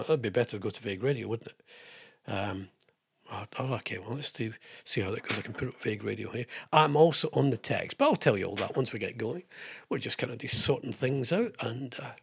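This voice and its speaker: A man's voice: medium pitch, creaky, slightly rough, dry recording, clean studio sound. A British man hosting a live radio show, chatty and rambling, with lots of fillers and self-mocking asides. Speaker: radio host. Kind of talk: casual live radio presenting.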